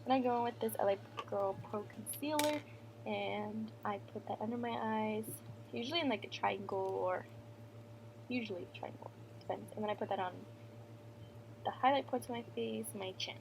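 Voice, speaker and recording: A woman's voice: medium pitch, moderate pace, gravelly, darkish tone, slight background noise. A young woman chatting casually as she talks through her makeup routine, her speech full of "like" and loose asides. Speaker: beauty vlogger. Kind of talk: casual makeup voice-over chat.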